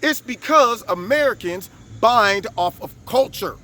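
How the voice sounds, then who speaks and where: Man, high voice, animated preachy commentary, outdoors, recording himself. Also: unhurried, a little hiss or hum. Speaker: vlog host. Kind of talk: political commentary monologue. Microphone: camera recording himself.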